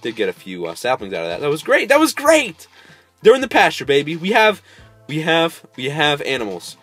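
A man giving casual let's-play commentary, coaxing animals and bursting into sudden excited squeals. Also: fairly high pitch, fairly quick, soft background music. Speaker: gameplay host.

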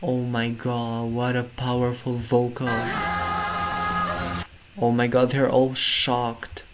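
In this rough recording, a man with a mid-range voice offers reaction commentary on a music performance. His delivery is completely flat and slow, yet he gushes effusively and keeps repeating "oh my god" in amazement.

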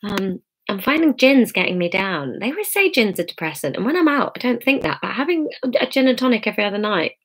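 A woman reading her own comic novel aloud on a home live stream, lively and chatty, laughing at her own slips between passages. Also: mid-range voice, fast, hardly any pauses.

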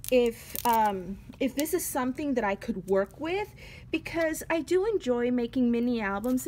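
A woman's voice: high voice, darkish tone, a little hiss or hum. A woman with a Spanish accent showing off paper craft supplies in a casual home vlog, gushing and laughing at herself, recorded on a phone. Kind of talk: casual product flip-through. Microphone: phone on a selfie stick.

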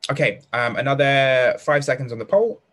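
A man's voice: mid-range voice, normal speed, a bit bright. A young British man teaching a live online lesson to children, cheerfully praising pupils by name in a chatty way with plenty of fillers. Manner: upbeat and encouraging, reads out pupils' answers by name.

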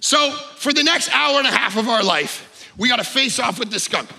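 A man preaching with a high, gravelly and sharply bright voice. He tells his stories with great energy, breaking into shouts and then dropping to a near hush. The sound carries the long echo of a large hall. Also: normal speed. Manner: animated storytelling, shouting in excitement then dropping low. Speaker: pastor. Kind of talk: sermon.

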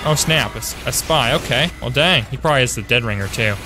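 Over background music, a young man with a medium-pitched voice talks at a quick pace while live-streaming a shooter game. He's upbeat, greets viewers by name, and keeps correcting himself mid-sentence before trailing off with fillers.

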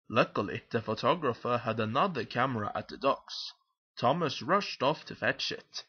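A man narrating a children's picture book aloud in a lively, expressive storytelling manner. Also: mid-range voice, normal speed, husky, dull audio.

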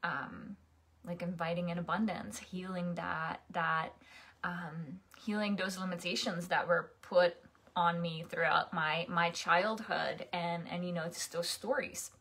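A woman's voice: lowish voice, steady tone, unhurried, fairly bright tone. A young adult woman coaching in a casual, chatty monologue, often restarting and asking "right?".

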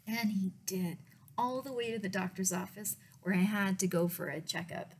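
A woman librarian reading a picture book aloud to children in a gentle storytelling manner. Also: mid-range voice, moderate pace, a little hiss or hum.

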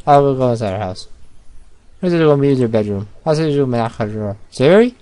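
A man's voice: mid-range voice, lively intonation, brisk, warm tone, clean tone, dry recording. A man playing a visual novel on video, reading its narration and dialogue aloud and breaking off to react and joke. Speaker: let's play gamer.

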